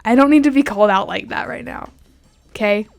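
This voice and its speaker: A young woman hosting a casual music podcast, bubbly and easily excited, wrapping up the episode with her co-host. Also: a little high, a little fast, gravelly, no room sound. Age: young adult. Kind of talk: casual chat.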